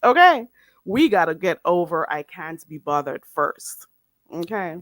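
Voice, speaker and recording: This woman's voice sits on the low side, a little bright, with big swings in pitch. On her live stream she playfully teases viewers while teaching them phrases in slow, drawn-out demonstrations, all in a dry, studio-quality recording.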